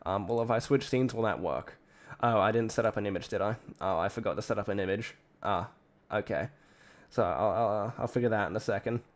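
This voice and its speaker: Talking fairly quickly in a lowish voice, this Australian man streams from home. He rambles and swears through his casual commentary, constantly cutting himself off mid-thought.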